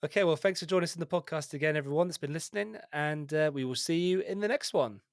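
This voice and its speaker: A man's voice: fairly high pitch, vocal fry, no echo. Dry-sounding man hosting a podcast. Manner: affirming, quick agreeing interjections. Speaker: podcast host. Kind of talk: casual podcast chat.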